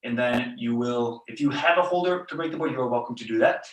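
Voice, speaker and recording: A taekwondo instructor leading a belt test over a video call, barking counts and commands and letting out loud yells, recorded in a studio. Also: medium pitch, fast talker. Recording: roomy echo, far from the mic.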